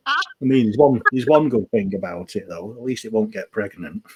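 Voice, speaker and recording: A man's voice: lowish voice, normal speed, breathy edge, poor audio. A man co-hosting a podcast in casual chat, swearing freely and rambling as he loses his thread. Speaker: podcast co-host.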